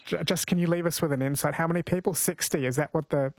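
Measured talkback radio host man. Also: a little high, no echo. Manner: sympathetic, steady, measured questions. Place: radio studio.

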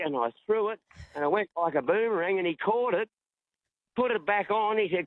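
A man's voice: fairly high pitch, expressive, normal speed, no echo. A middle-aged Australian man calling in, telling a rambling story in a chatty, colloquial way. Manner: rambling storyteller, calls host darling. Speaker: caller. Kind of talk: casual phone-in chat. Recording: dry tinny phone line.

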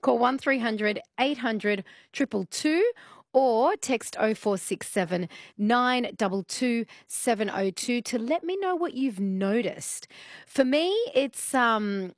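An Australian woman hosting a radio talk show, chatting and telling stories in an animated way. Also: fairly high pitch, slow pace, no echo, clean studio sound. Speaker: radio host.

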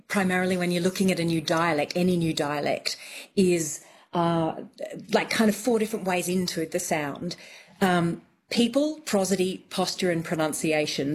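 A woman with a fairly low voice explains things step by step, like a teacher. She is a dialect coach speaking in a radio interview. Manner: clear, methodical explaining.

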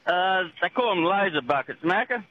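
This Australian-accented man calls in to a radio show, laconic and plain-spoken, calling everyone mate. His voice sits high and expressive at a normal speed, coming through a dull phone line with a faint hiss.

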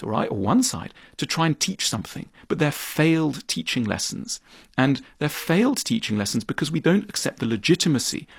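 A man being interviewed about his book, explaining his views with lively gestures of speech and acting out imagined exchanges. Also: medium pitch, creaky, breathy edge, no echo, clean studio sound. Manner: animated, acts out imagined dialogue. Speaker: author. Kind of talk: interview conversation.

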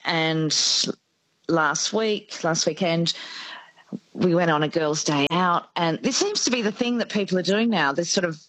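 A woman with an Australian accent hosting a radio show, chatting excitably and quickly, laughing often. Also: on the low side, no room sound, rough recording. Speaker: radio host. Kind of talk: casual radio chat. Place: radio studio.

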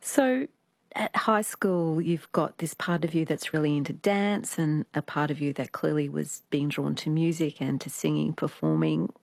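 A middle-aged woman with a very deep voice and a gravelly edge leads an interview. She asks curious, open questions. The recording is dry and close. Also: moderate pace, a little mellow, no room sound. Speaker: interviewer, host.

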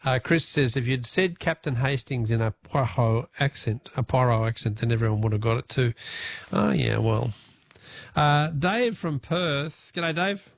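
A man's voice: medium pitch, expressive, gravelly, no echo, studio quality. A jovial, chatty Australian man hosting a radio quiz and talkback show. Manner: jovial, chatty, quick to laugh.

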